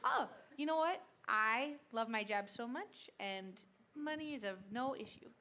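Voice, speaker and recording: Bright, bubbly woman player. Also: on the high side, expressive, a little slow. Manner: bubbly, eager to please. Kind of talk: in-character tabletop role-play.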